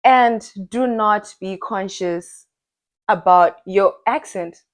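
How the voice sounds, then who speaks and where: A young woman from Zimbabwe chats casually as a podcast co-host. She talks in an animated, emphatic way and laughs often. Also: mid-range voice, takes it slowly. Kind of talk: casual chat.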